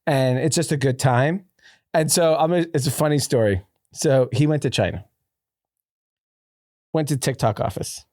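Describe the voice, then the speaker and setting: A man in casual podcast chat, spinning a rambling story with plenty of cursing and quick laughs. His voice sits at an ordinary middle pitch. The sound is close and dry, with no room echo. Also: a little mellow. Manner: loose storyteller, swears, laughs often. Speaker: podcast co-host.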